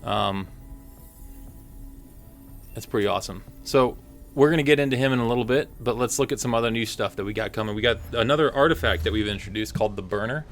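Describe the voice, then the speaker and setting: A man's voice: on the low side, fast talker, soft background music. A man hosting a casual game livestream, chatty and upbeat, with frequent fillers. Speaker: stream host.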